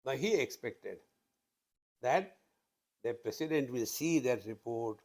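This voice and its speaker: A man's voice: mid-range voice, expressive, takes it slowly, darkish tone. A man gives a spiritual discourse to an audience. He tells stories in a blunt, emphatic way and keeps calling his listeners friends. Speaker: spiritual teacher.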